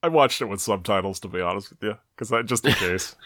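A man's voice: on the low side, fast talker, bright, forceful tone, no room sound. Man dryly recapping a cartoon episode. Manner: narrates plot beat by beat with dry asides. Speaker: podcast co-host.

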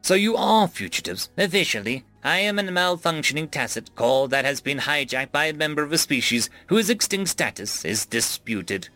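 A man voicing a calm, formal male AI ship core with flat, precise phrasing. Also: on the high side, moderate pace, hardly any pauses, faint music behind, pitched above the performer's own voice. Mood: measured.

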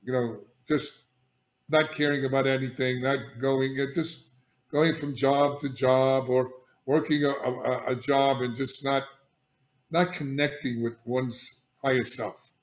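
A man's voice: mid-range voice, measured pace. Older man telling his story, echoey room. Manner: animated and emphatic, frequent restarts and "all right?" check-ins. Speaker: guest, addiction therapist. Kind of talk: candid personal storytelling.

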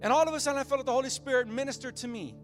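A man's voice: very high voice, very fast, soft background music. A man, a pastor with a young child, preaching a sermon with a passionate, repetitive cadence that builds phrase by phrase.

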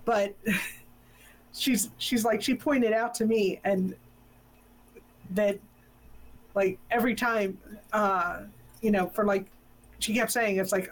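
A woman in a casual pop-culture chat, telling stories in an animated, laughing way. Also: medium pitch, slow, pauses often, poor audio.

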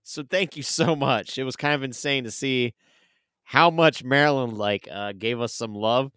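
A relaxed man co-hosting a podcast with a self-deprecating sense of humor. His voice is bright and smooth, with a crisp, resonant clarity. It is recorded dry and close. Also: medium pitch, normal speed, no room sound. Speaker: podcast co-host. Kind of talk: casual podcast chat.

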